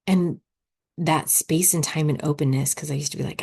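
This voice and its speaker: A young woman with a low voice hosts a solo podcast as a coach. She talks in a loose, chatty way and keeps acting out her own thoughts as quoted asides. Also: fast talker, creaky, a little mellow.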